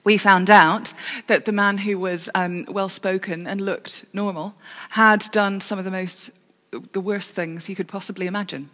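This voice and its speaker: A woman's voice: mid-range voice, fairly even intonation, moderate pace, few pauses, a bit bright. Woman preaching in a reverberant church. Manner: storytelling with self-corrections and dry humour. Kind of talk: sermon.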